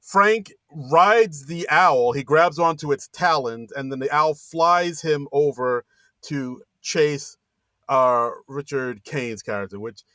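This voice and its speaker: A man's voice: slow, no echo. Man recapping a movie in a dry room. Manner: animated retelling, acts out lines in a high voice. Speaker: podcast co-host. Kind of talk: casual movie recap chat.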